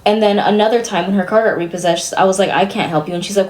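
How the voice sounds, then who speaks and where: A woman's voice: medium pitch, fast, hardly any pauses, a little mellow. A young woman streamer venting to her chat, exasperated and swearing as she rambles.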